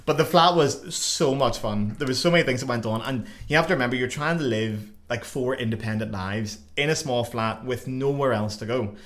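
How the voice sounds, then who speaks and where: Fast-talking man telling stories. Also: mid-range voice. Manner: animated, laughing, swearing, acts out quotes. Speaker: podcast host. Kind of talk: casual storytelling chat.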